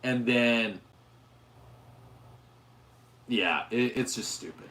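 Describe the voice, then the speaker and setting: A man hosts a casual gun livestream, answering viewers while his voice wears hoarse. He rambles and restarts often, at a middling pitch. The room around him rings with echo. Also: drawn-out words, a bit bright, slight background noise. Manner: rambling, with frequent restarts and fillers. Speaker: gun channel host reading live chat.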